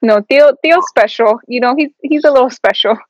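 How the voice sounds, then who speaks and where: A woman's voice: high-pitched, normal speed, dry recording, dull audio. A woman co-hosting a podcast, telling family stories in casual chat and laughing often. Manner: laughs often, animated storytelling. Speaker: podcast co-host.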